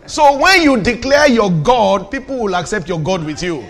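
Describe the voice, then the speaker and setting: A man preacher delivering a fervent sermon, asking the audience questions and building to shouted declarations. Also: sits high, expressive, normal speed, few pauses. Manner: teasing, asks the audience questions.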